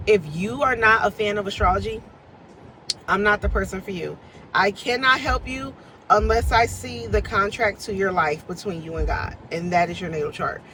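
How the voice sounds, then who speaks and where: A woman's voice: mid-range voice, fairly bright tone, a little hiss or hum, low-quality recording. A woman, chatting casually and animatedly from her parked car as a tarot reader, laughing and swearing freely. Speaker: tarot reader and life coach. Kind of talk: casual chat to camera.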